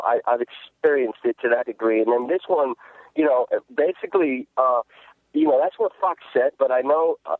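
A man's voice: medium pitch, no room sound. Male actor on a tinny phone line. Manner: halting, many restarts and laughs. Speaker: actor guest. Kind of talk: interview over the phone.

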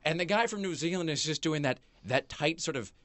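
A man's voice: a little high, lively intonation, a little fast, a bit bright, no echo. A man hosting a talk show, telling a rambling story with many fillers and restarts in a small studio. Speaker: podcast host. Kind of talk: casual chat.

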